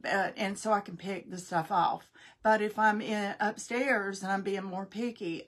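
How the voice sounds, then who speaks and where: Woman, middle-aged, folksy chatter, live craft demo, medium pitch, faint background noise. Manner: chatty, folksy, thinks aloud while working; greets viewers by name. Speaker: craft demonstrator.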